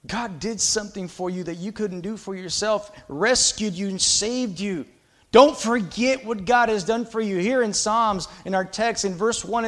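A male pastor preaching a sermon with passion, swinging between loud exhortation and quiet, confiding asides. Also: very high voice.

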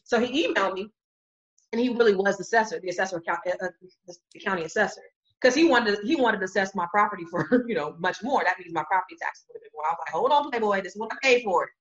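Animated storytelling woman, slightly lo-fi. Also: medium pitch, quick pace. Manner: animated, acts out quoted voices, laughs often. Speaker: real estate business owner. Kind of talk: casual storytelling chat.

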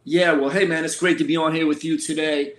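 A middle-aged man from Philadelphia, a senior pastor and guest, telling his story in a relaxed, colloquial way. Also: a little high, fairly quick. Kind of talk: casual conversational storytelling. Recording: roomy echoey sound.

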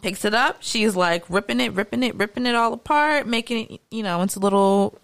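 A woman's voice: fairly high pitch, a little fast, smooth, dry recording. A woman co-hosting a podcast, telling stories in casual chat and swearing freely. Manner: animated storytelling, swearing freely. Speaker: podcast co-host.

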